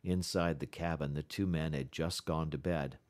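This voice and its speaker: A man narrating a classic novel as an audiobook in a measured storytelling delivery. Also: extremely low pitch, fairly even intonation, a little mellow.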